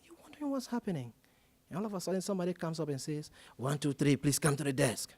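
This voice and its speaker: A man's voice: a little high, fast talker. A man from Liberia, telling a personal story as a panel speaker at a public forum and acting out the conversations in it. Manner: animated storyteller acting out quoted dialogue.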